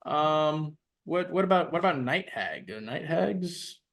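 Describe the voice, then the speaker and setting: Male co-host, fairly high voice, stop-start delivery, casual tabletop chat. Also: very animated, creaky, fairly bright tone. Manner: halting, restarts and repeats while looking up rules.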